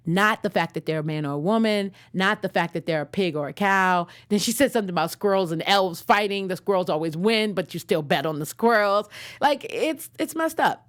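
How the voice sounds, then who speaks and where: A young adult woman hosting a casual episode recap, slangy and digressive, laughing at her own jokes. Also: medium pitch. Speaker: show host.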